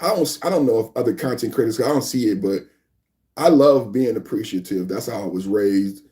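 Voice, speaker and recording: A man hosting a live political podcast, talking in a mocking, animated way that repeats his points over and over. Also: fairly low pitch, a little fast. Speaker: podcast host. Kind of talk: live-stream political commentary.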